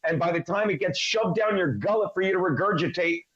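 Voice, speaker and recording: A man's voice: high voice, a little fast, a bit bright, roomy sound, lo-fi sound. A man on a casual reaction panel, ranting emphatically and swearing.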